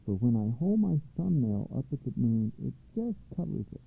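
A man voicing a sick little girl princess who speaks softly and weakly, over a tinny line. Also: mid-range voice, big pitch swings, normal speed. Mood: weak, wistful. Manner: soft, faint and breathy. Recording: tinny phone-like line, dry.

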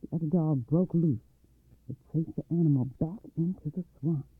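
A man's voice: fairly high pitch, normal speed, husky, no echo. A man narrating a folk tale for a radio storytelling program, reading expressively and dramatically. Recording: dry, tinny phone-like sound.

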